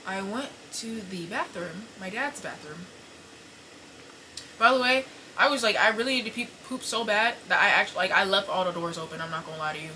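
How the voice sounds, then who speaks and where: A young woman hosting a podcast, telling an embarrassing story to camera in a casual, animated, profane way, full of fillers and apologies. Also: mid-range voice, brisk, a little hiss or hum, poor audio. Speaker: podcast host. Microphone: camera set up in front of her.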